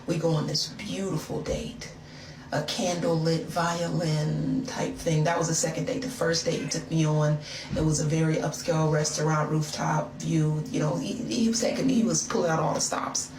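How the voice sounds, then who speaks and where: A woman's voice: low voice, little pitch movement, moderate pace. A woman telling a personal story in a chatty, playful way, speaking straight to her listener. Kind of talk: casual confessional storytelling. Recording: roomy, distant, noisy phone audio.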